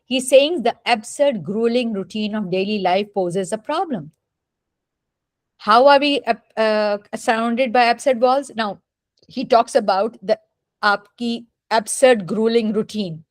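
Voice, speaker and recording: Recorded with no echo, a woman with a fairly high-pitched voice gives a deliberate literature lecture to her class. She often pauses on rhetorical questions meant to check that the students understand.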